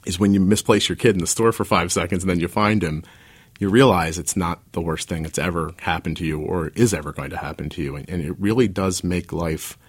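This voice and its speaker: A man's voice: low-pitched, a little fast, breathy edge. A stay-at-home dad and author in his forties, an interview guest telling personal stories in a candid, rambling way with self-deprecating asides.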